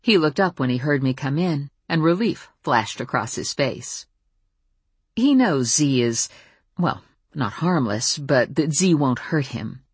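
A woman narrating a first-person audiobook in an even, wry storytelling tone. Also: low-pitched, unhurried, slightly rough, no echo.

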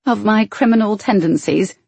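A woman's voice: medium pitch, normal speed, gravelly, a little mellow, slightly rough, no echo, voice pushed up. A woman reading an audiobook, voicing a curious, spirited young lady who asks a lot of questions in a lifted, eager voice.

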